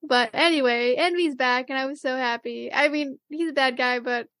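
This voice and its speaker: A high-pitched woman talks through an anime episode on a casual podcast, rambling with plenty of "like"s and popping into short silly quotes. Her voice is close and dry, with no room sound at all. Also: fairly even intonation, fairly bright tone, no room sound. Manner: chatty, rambling, many "like"s and fillers, quick acted-out quotes. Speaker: podcast co-host. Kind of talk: casual anime recap chat.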